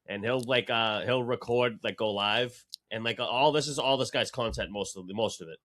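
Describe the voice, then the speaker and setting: A man's voice: mid-range voice, moderate pace, fairly bright tone. A man, co-hosting a casual sports podcast, rambling and swearing freely. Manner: profane, rambling, laughs a lot. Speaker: podcast co-host.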